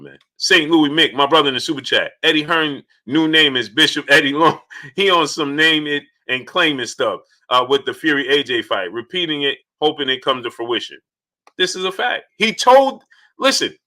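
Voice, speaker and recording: A man hosting a casual live stream, shouting out viewers by name and repeating his points in an animated way. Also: a little high, normal speed. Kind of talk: casual live-stream chat reading super chats.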